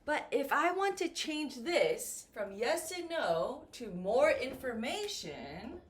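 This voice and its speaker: Female English teacher, fairly high voice, very slow and animated, acts out the example lines for beginners. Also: a little hiss or hum. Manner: slow and lively, with acted-out example questions.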